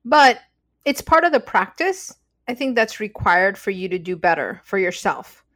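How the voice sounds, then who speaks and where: A woman's voice: medium pitch, very animated, moderate pace, a bit bright. A woman talking casually and reflectively as a podcast co-host. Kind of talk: casual conversation.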